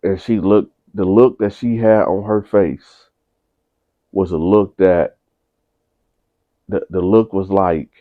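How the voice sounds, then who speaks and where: A man's voice: sits low, steady tone, slow, pauses often, no echo. A man telling a story in a casual, conversational way, addressing his listeners directly. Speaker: storyteller host. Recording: dry tinny phone-like audio.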